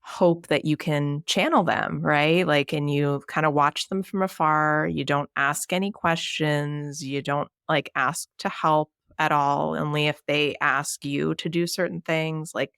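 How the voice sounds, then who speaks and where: A woman from New Jersey, a writer, chatting casually as a podcast guest in a relaxed, talky way. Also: low-pitched, unhurried, creaky, few pauses, clear, resonant tone, dry recording, clean studio sound. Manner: chatty, relaxed, many "you know"s.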